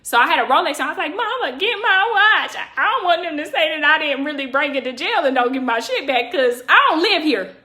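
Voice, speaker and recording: A woman from California telling a story casually and profanely on a livestream, acting out quotes with big jumps in pitch. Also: expressive, fast, few pauses, sharp tone, roomy sound.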